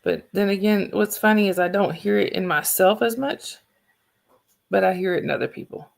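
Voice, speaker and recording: Chatting casually with her viewers, a Southern woman hosts a livestream in a gravelly, mid-range voice at normal speed. She rambles and tends to restart sentences.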